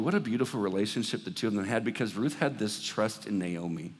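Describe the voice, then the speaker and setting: A man preaching a sermon, telling a story with lively acted-out dialogue before moving into scripture. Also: fairly low pitch, fairly quick, hardly any pauses. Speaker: pastor. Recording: reverberant hall sound.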